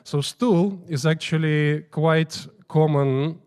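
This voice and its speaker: A temple priest telling informal, halting stories about his teacher during morning prayers in a temple. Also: on the high side, darkish tone, clean tone. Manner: informal, halting, restarting phrases. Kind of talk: storytelling talk at morning prayers.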